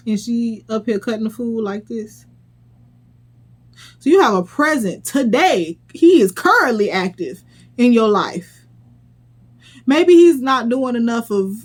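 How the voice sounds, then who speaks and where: Sassy blunt woman recapping reality TV. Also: fairly high pitch. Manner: sassy, blunt, profane, incredulous. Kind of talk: casual commentary vlog.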